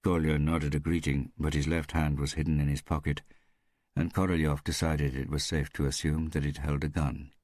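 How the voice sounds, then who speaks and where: Very deep-voiced male audiobook narrator. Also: little pitch movement, normal speed, a little mellow, dry recording, clean studio sound. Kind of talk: scripted narration.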